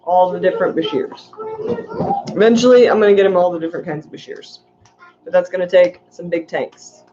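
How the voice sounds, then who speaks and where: A woman's voice: lowish voice, fairly even intonation, fairly quick, dark tone, dull audio, a little hiss or hum. A woman hosting a casual livestream, chatting in a rambling way and reading viewer comments aloud. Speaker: aquarium channel host.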